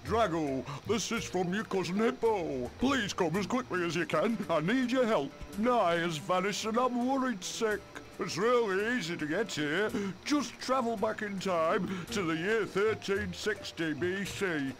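A man's voice: sits high, lively intonation, unhurried, hardly any pauses, a bit bright, soft background music. An actor voicing an anxious young male hippo in a children's game, urgent and pleading, with an odd accent. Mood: worried.

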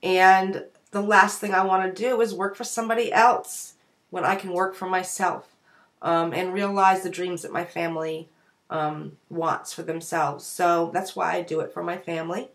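A woman's voice: lowish voice, level tone, normal speed. Chatty woman with a Southern-tinged northern accent. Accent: northern US with a light Southern drawl. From northern United States. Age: 40s. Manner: chatty and rambling, wanders between points. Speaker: direct sales beauty consultant. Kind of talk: casual to-camera vlog chat.

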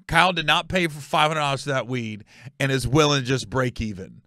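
A middle-aged man from Ohio hosts a comedy podcast, telling stories in an animated, emphatic way with quick asides and self-corrections. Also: mid-range voice, dry recording, clean studio sound. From Ohio, USA.

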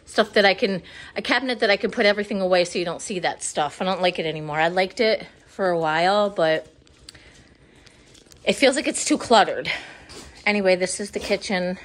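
Inside her house, a woman with a fairly low-pitched voice talks at normal speed while giving a rambling, casual decor tour. She's slightly breathless and keeps apologizing, holding her phone as she films.

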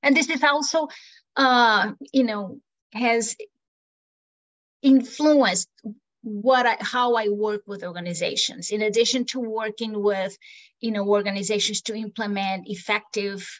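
A woman's voice: mid-range voice, fairly even intonation, unhurried. A woman from Brazil with a Brazilian accent, giving an earnest webinar talk with many "you know" fillers. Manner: warm, earnest, with frequent fillers. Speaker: guest speaker. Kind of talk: webinar presentation.

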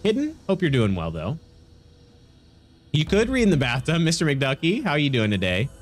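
This streamer's fairly high voice swoops wildly in pitch at a normal speed. He's stuffed up but chatty, laughing often and replying to chat as he plays.

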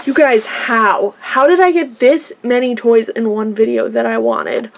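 A woman unboxing toys for her vlog, chatting casually and gushing excitedly to her viewers. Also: on the high side, unhurried, gravelly, few pauses. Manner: gushing, easily excited, addresses viewers as "you guys". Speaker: toy unboxing vlogger.

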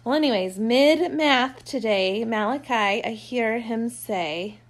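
A talkative mother in her thirties rambles through the day's stories to camera, curled up in an armchair at home. She laughs easily and wanders between topics, her voice sitting a little on the high side. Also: slow pace. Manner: chatty, rambling storyteller who laughs often. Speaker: homeschooling mother vlogging. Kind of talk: casual unscripted chat to camera.

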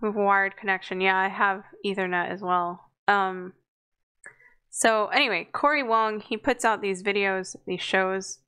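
A woman's voice: medium pitch, fairly even intonation, measured pace, sharp tone, clean tone. A woman hosting a casual livestream chat, rambling and apologetic, laughing often and swearing casually. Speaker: streamer and podcast host.

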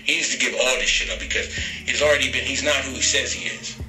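A man's voice: mid-range voice, fairly even intonation, quick pace. A man on a podcast clip, speaking in a dismissive, mocking way about others. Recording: echoey room with faint music.

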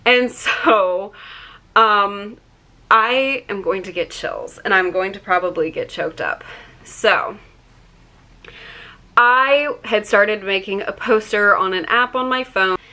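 A young woman tells a personal story to her camera in a bright, clear voice. She talks in a chatty way, full of "like" fillers, and her voice catches with feeling. Her pitch sits in the middle of the usual range for a woman. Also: takes it slowly. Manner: chatty, many "like" fillers, gets choked up. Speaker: vlogger.

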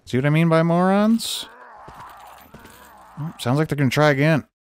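A man's voice: on the high side, animated, moderate pace, noisy background. Sarcastic young man commenting on gameplay. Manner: sarcastic, yells at game characters. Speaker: gaming YouTuber. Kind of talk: casual let's-play commentary. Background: game music.

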